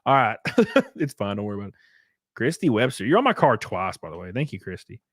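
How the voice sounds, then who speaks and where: A man hosting a casual live stream, joking crudely and thanking viewers by name, jumping from loud outbursts to quiet muttering. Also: fairly low pitch, sing-song, brisk, no room sound, studio quality. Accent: Southern American. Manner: crude, joking, reads and thanks super chats aloud. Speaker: livestream host.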